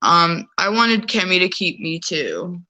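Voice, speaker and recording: A woman from New York City chatting casually as a caller, rambling and animated. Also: on the low side, measured pace. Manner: rambling, animated, acts out other people's voices. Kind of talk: casual chat.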